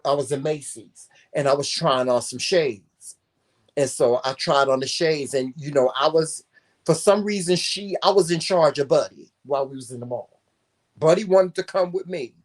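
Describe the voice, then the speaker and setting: A man co-hosting a casual talk show, telling a personal story in an animated, profane and emphatic way. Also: medium pitch.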